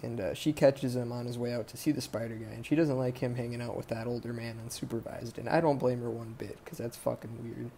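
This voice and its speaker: A man with a gravelly, dark voice retells a film for his podcast. He talks in a flat, even tone. He rambles, swears a lot and keeps drifting off the plot. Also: medium pitch, fairly quick, few pauses, a little hiss or hum. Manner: rambling, profane, sidetracked. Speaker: podcast host. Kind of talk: casual movie recap.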